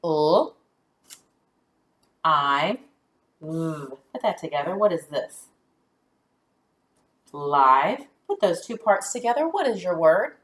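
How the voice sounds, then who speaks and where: This phonics teacher, a woman, speaks in a low, sing-song voice with a slightly bright quality. She carefully breaks down letters and syllables for young kids and compliments their responses.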